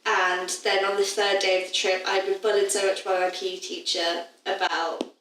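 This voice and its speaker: A young woman co-hosting a podcast in casual chat, chatty and teasing with quick asides. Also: mid-range voice, little pitch movement, a bit bright. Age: young adult. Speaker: podcast co-host. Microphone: badly placed mic. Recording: far from the mic in a very echoey room with faint noise.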